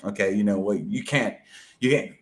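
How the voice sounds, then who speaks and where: Low-voiced man rambling casually. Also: normal speed. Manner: rambling, filler-heavy, lots of "like" and "you know"; casual and profane. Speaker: podcast guest discussing an epic poem. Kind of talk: casual podcast talk.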